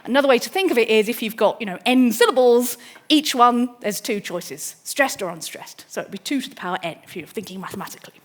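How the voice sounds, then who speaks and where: A woman's voice: a little high, animated, fast talker. A woman mathematics lecturer giving an enthusiastic, explanatory public lecture, often restarting her sentences.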